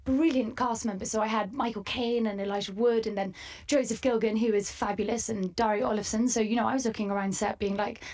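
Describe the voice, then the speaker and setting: Young Scottish-born actress, crisp English accent, higher voice, lively and quick to laugh. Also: female voice. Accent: crisp southern English with faint Scottish. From Scotland. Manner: lively, laughs often, quick enthusiastic replies. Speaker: actress guest. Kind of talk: interview chat.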